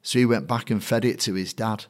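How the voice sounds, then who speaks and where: Middle-aged Mancunian man, lowish voice, lively raconteur who slips into other people's voices as he tells a story. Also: brisk. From Manchester, England. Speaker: guest, matchday compere. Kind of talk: anecdotal storytelling in a conversation.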